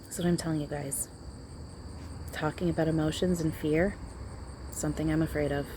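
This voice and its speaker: A woman's voice: low voice, steady tone, normal speed, noisy background. A woman talking outdoors in a channeling vlog, hesitant and reassuring, often repeating herself. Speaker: spiritual channeler.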